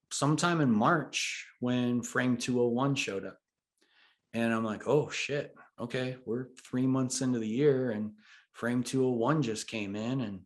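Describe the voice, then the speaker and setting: A middle-aged man sits in as a guest on a casual chat show. He tells a long work story in an everyday mid-range voice and acts out the back-and-forth of the people in it. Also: medium pitch. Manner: animated storyteller acting out quoted dialogue.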